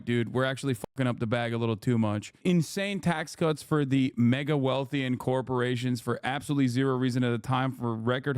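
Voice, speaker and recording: A man's voice: mid-range voice, clean tone, no room sound, studio quality. Profane ranting male streamer. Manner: profane, sarcastic, heated. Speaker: streamer reacting to a video. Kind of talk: casual ranting commentary.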